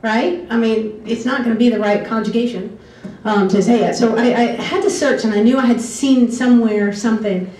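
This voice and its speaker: A woman's voice: fairly high pitch, steady tone, moderate pace, dark tone. Chatty woman telling stories, echoey room. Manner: chatty, goes off on tangents, laughs often. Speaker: former exchange student telling stories. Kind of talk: casual storytelling talk. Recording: echoey room, distant mic, faint background hiss.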